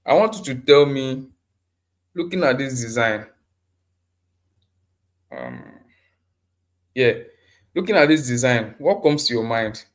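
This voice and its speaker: A man's voice: mid-range voice, lively intonation, takes it slowly, pauses often. A man teaching a live online design class over a computer mic, often repeating himself and asking the class questions. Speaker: design instructor.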